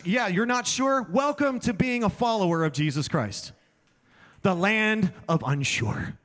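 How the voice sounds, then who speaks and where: A man with a notably high voice preaching at chapel. He talks to the congregation like he is chatting with them, telling stories and tossing out questions. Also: lively intonation, a little slow, fairly bright tone. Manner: conversational, storytelling, asks the audience questions. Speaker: chapel speaker. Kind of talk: sermon.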